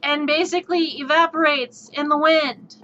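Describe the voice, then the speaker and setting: A woman streamer telling a tabletop game story in an animated, exasperated way, swearing freely, on dull lo-fi stream audio. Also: high-pitched, moderate pace, slight background noise.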